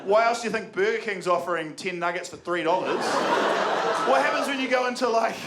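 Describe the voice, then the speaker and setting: A young New Zealand man performs stand-up before a live audience at a comedy venue, sardonic and sweary and often cracking up at his own jokes. His voice is high, expressive, and brisk, with loud crowd laughter and room noise throughout.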